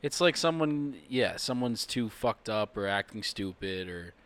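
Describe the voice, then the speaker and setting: A man's voice: lowish voice, animated, measured pace, a bit bright. A man in a band, telling rambling jokey stories with plenty of swearing in casual banter. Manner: joking, swearing, rambling storyteller. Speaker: band member.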